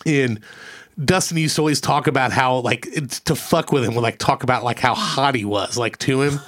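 A man's voice: mid-range voice, moderate pace, a bit bright. A man hosting a casual podcast, telling rambling, profane stories. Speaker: podcast host.

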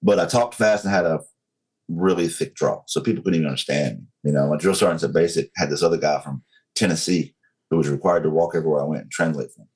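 Speaking as an interview guest, a North Carolina man in his forties with a Southern accent relates his story slowly, steadily, and openly. The voice is very deep with a darkish tone, and the recording is rough.

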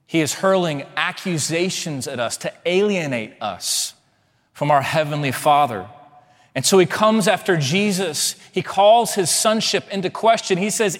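A man preaching a sermon as a pastor, swinging between loud emphatic lines and hushed ones. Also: high-pitched, lively intonation, normal speed. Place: church sanctuary. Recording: long hall reverb.

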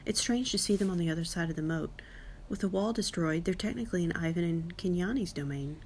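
A woman narrating a children's audiobook in a lively, wry first-person style, giving each character a voice. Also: lowish voice, brisk, slight background noise. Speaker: audiobook reader.

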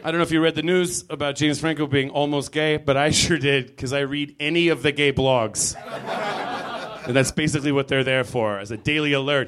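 A man doing a live stand-up set in a comedy club, rambling loosely and leaping into loud booming character voices. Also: fairly even intonation, brisk, a crowd in the background. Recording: live club recording with audience laughter. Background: audience laughing.

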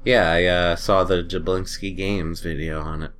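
A young man chats loosely on a podcast, rambling into tangents and laughing at his own jokes. His voice sits a little low but rings bright and forward. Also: steady tone, moderate pace, smooth. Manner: joking, rambling, laughs often. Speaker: podcast co-host. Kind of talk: casual chat.

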